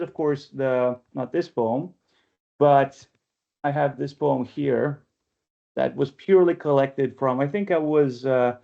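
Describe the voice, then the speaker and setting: A man's voice: medium pitch, vocal fry, darkish tone, dull audio. A man leading an online poetry workshop, talking in a chatty way and often checking in with "right?", heard over a video call. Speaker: workshop leader and press editor.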